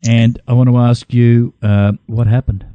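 A man co-hosts a talk show. He reads aloud in an earnest, expressive way and then asks a guest questions. His voice is mellow and warm, and the sound is dry and close. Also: medium pitch, moderate pace, smooth, no room sound, highs cut off. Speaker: co-host. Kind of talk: reading aloud and interviewing.

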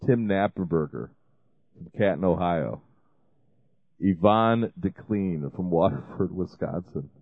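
Low-voiced man on a tinny line. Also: expressive, takes it slowly, dry recording. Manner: rambling, with restarts and fillers. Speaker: ministry show host. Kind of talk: fundraising appeal. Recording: dry, phone-like lo-fi sound.

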